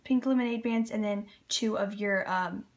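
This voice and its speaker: With a steady, medium-pitched voice at normal speed, a Canadian woman hosts a loom tutorial, chatting as she guides viewers step by step. Little laughs come through while her hands keep working, captured by a tripod-mounted camera at her table.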